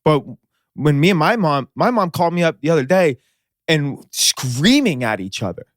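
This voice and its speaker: An animated male comedian on a podcast who tells stories by acting out other people's voices. He swears freely and bursts into loud bits. The recording is close and dry. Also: a little high, moderate pace, no room sound. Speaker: comedian guest. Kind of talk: casual chat.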